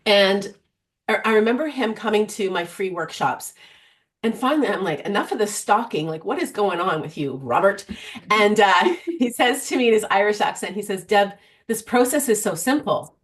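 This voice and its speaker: A middle-aged woman, a guest coach, talking in an animated, storytelling way during an interview. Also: medium pitch, normal speed. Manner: animated, storytelling, frequent restarts. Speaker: guest, vision board coach. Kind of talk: conversational interview.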